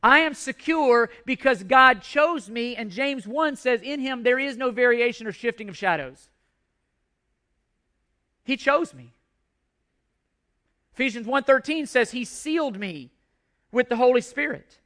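High, bright-voiced male preacher. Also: expressive, measured pace, pauses often. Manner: emphatic preaching with repetitions and restarts. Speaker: pastor. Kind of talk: sermon.

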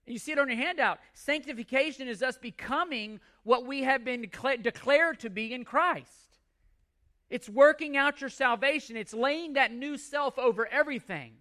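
A man's voice: extremely high pitch, normal speed, bright, forceful tone. A man preaching a sermon, emphatic, repeating phrases and reading scripture aloud. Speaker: pastor.

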